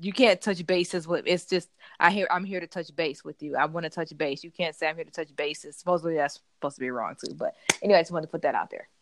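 A woman co-host chats casually on a podcast, spinning stories and playing out the lines people said to her. Her voice sits on the low side. The sound is dry and close. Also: fast talker, hardly any pauses, no room sound. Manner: animated storytelling, acts out quotes. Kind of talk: casual chat.

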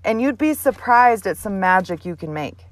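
A woman's voice: medium pitch, lively intonation, moderate pace, no room sound. A mother hosting her own show, delivering a blunt, profane, emphatic motivational monologue. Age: adult mother. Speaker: host.

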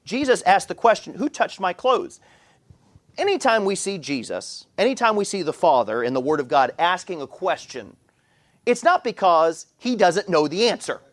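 A man's voice: sits high, moderate pace. A man preaching a sermon as pastor, often repeating words as he restarts phrases. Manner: animated preaching with frequent stammered repeats. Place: church.

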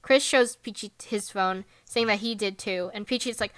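A woman chatting casually as a podcast co-host, very animated, laughing often, filling her talk with "like" and acting out characters with sudden jumps in pitch. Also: moderate pace, noisy background. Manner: swears casually, lots of filler "like". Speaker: podcast co-host recapping an anime episode. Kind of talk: casual chat.

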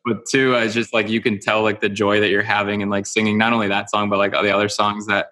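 A man's voice: lowish voice, flat delivery, quick pace, bright, forceful tone. A man from the Chicago area hosting a podcast, talking casually and rambling with many filler words. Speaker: podcast host.

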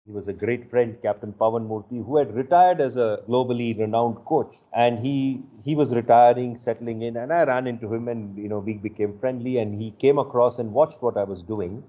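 An older man, an executive coach and interview guest, telling stories in a measured, thoughtful way. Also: mid-range voice, mellow. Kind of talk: reflective interview storytelling. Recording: muffled lo-fi audio.

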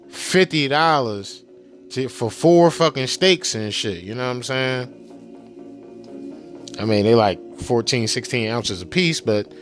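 A man rants in a fired-up, scornful vlog, stacking up curses and circling back to the same points again and again. His voice sits a little high for a man. Soft music plays quietly underneath. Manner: heated, mocking, repetitive, swears constantly. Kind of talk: profane political rant.

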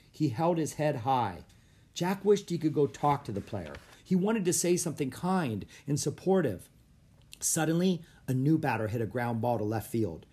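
Husky, animated reader for a children's chapter book who punches up every shout. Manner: acts out shouts with sudden loud, high bursts. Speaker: audiobook narrator. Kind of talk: storybook read-aloud.

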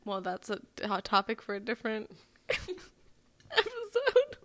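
A young woman co-hosting a podcast in casual chat, excitable and often laughing as she tells stories. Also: fairly high pitch, moderate pace. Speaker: podcast co-host.

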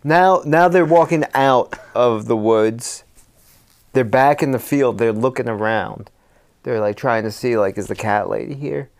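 A man's voice: mid-range voice, a little slow. A man co-hosting a podcast, animatedly improvising a horror story with hammy flair. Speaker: podcast co-host.

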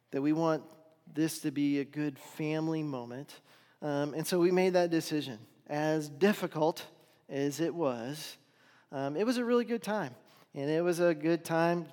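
Middle-aged man, pastor, conversational sermon delivery with rhetorical questions, slightly raised pitch, long hall reverb. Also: darkish tone.

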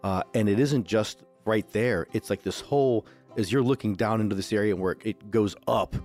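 A man narrating a tabletop game as game master, slow and halting with many fillers. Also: lowish voice, a little mellow, faint music behind.

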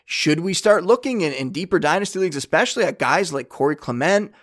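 A man's voice: a little high, fast. A man hosting a casual sports podcast, talking through news and asking his guest questions. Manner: conversational, relaxed analysis. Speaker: podcast host. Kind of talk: casual chat.

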